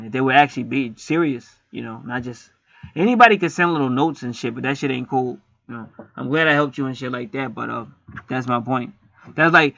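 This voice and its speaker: Bright-voiced man rambling through a chart reading. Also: mid-range voice, no echo. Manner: rambling, profane, joking. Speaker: astrology reader. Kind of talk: casual monologue reading a natal chart. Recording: slightly muffled lo-fi recording.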